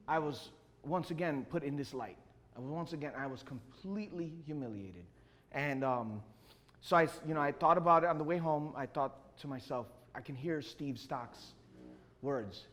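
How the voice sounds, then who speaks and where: A man's voice: a little high, normal speed, in a large hall. A man from Chicago with a Chicago accent, telling a personal story on stage and acting out the voices of the people in it. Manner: animated storyteller acting out dialogue, frequent "you know". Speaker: speaker telling his life story.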